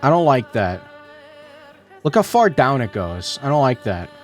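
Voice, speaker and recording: A man reading and reacting as he plays a story game on stream. His pitch rises and falls a lot, and he drops casual swears into his comments. Soft game music runs quietly under his voice. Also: sing-song, a little slow.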